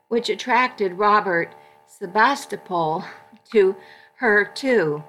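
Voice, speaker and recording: A woman narrating a first-person story in a measured, unhurried way. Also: mid-range voice, pushed and bright. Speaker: audiobook narrator.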